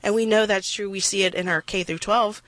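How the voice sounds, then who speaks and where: A woman's voice: medium pitch, steady tone, fairly quick, fairly bright tone, no room sound. A woman hosting a radio discussion, talking with passion and emphasis and tossing in self-deprecating asides.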